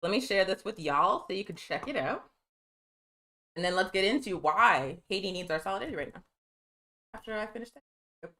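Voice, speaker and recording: A woman hosting a live political news stream, talking fast and emphatically, calling her viewers y'all and reading from a press release. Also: mid-range voice, lively intonation, bright, forceful tone, rough recording.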